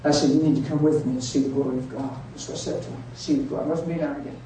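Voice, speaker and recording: A middle-aged man preaching a sermon as a story, acting out the voices and swinging from soft whispers to high cries. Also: fairly even intonation, very fast, slight background noise.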